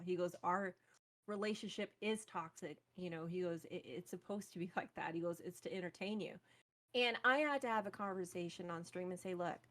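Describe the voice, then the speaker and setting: A young woman with a medium-pitched voice shares a story as a podcast guest, keeping it casual and lively and frequently breaking into laughter.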